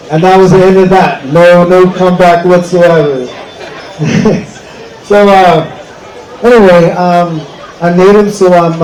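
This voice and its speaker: A man's voice: on the high side, warm tone, reverberant, low-quality recording. A man doing a stand-up set on an outdoor plaza, telling stories with lots of fillers and restarts. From United States. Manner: rambling storytelling with many fillers and restarts. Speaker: stand-up comedian.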